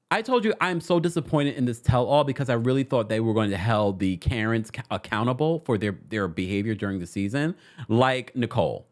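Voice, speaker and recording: Young male host with a raised voice, full of sass, very expressive in pitch, chatty recap delivery. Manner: sassy, animated, chatty. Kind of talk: casual reality TV recap talk.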